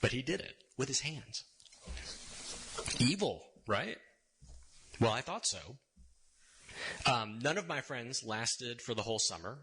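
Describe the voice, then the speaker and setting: A man's voice: medium pitch, lively intonation, moderate pace, pushed and bright, breathy edge. A man giving a conversational, storytelling sermon in a church, casual and wry, often checking in with his listeners. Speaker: sermon speaker. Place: church sanctuary.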